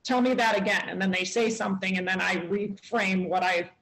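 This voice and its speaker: A woman's voice: medium pitch, steady tone, fairly quick, fairly bright tone, low-quality recording. A woman, a parent, sharing stories on a community panel and acting out what she says to her kids. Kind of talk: panel discussion.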